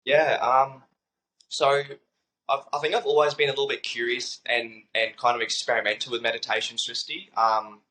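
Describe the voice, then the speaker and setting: A man's voice: mid-range voice, level tone, normal speed, pushed and bright, poor audio. A young man telling a personal story as an interview guest, earnest and reflective, repeating phrases and using many fillers.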